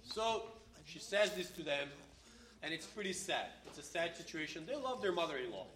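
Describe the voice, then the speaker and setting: A man's voice: fairly high pitch, very animated, moderate pace, fairly bright tone, far from the mic. A man teaching a conversational Bible lesson who explains step by step and keeps checking in with his listeners. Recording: roomy, speaker away from the mic.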